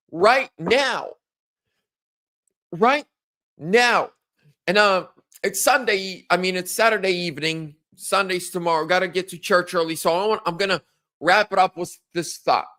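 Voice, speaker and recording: A man in his thirties hosting a casual political monologue, animated, acting out quotes in a higher voice. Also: unhurried. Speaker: political commentary host.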